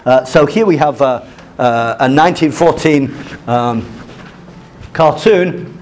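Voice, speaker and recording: A middle-aged man from Britain lectures a class at an unremarkable middle pitch. He talks in a wry, wandering way, restarting sentences as he thinks aloud. A faint background noise sits under his voice. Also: darkish tone. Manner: wry, digressive, halting with frequent restarts.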